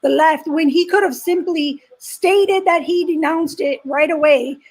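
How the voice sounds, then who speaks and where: A woman with a fairly high voice gives blunt, opinionated takes in a political discussion. She curses casually and frankly. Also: measured pace, a little mellow. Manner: candid, opinionated, casual profanity.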